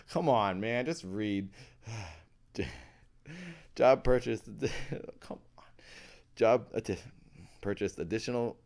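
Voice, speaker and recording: A man's voice: low-pitched, a little mellow. A man reading ghost stories aloud on a live stream and chatting with his viewers, playful, easily amused and poking fun at himself.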